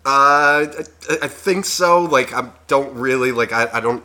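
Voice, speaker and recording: A man's voice: mid-range voice, a little slow, pushed and bright. A young man co-hosting a podcast, telling a story in casual chat, rambling and swearing, with lots of fillers. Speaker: podcast co-host.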